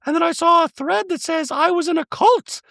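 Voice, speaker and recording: A man doing a comedic impression of a haughty, defensive rich woman in a shrill falsetto, mocking her. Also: brisk, vocal fry, sharp tone, no room sound, studio quality, heavily acted. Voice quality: high falsetto. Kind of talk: comedic impression in podcast recap.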